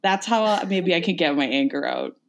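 A woman's voice: lowish voice, fairly quick. A woman co-hosting a podcast, ranting in casual chat and swearing freely. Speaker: podcast co-host.

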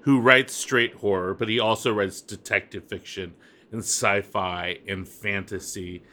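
A man's voice: fairly low pitch, fairly even intonation, measured pace, pushed and bright. A man co-hosting a podcast in casual chat, jokey, with hesitant trailing sentences. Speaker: podcast co-host.

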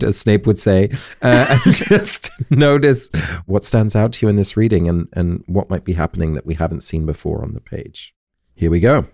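A man co-hosting a casual podcast conversation, earnest and emphatic. His voice is low-pitched and mellow. He is close to the mic in a dry, dead room. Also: moderate pace, dry recording. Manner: earnest and emphatic, with many "like" fillers. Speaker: podcast co-host.

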